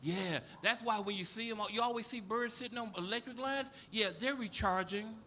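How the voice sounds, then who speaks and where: Brash, high-voiced stand-up comic man. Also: fairly quick, noisy background. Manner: profane, brash, storytelling. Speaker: stand-up comedian. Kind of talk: stand-up comedy set. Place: comedy club stage before a live audience.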